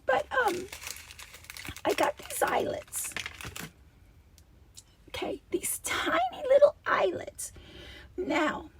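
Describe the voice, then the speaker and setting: Raspy, high-pitched gushing woman. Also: recorded from a distance, noisy background. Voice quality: raspy double-toned voice. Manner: gushing, with many breathy half-whispered asides. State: hoarse. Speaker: craft channel host. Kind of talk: casual unboxing vlog.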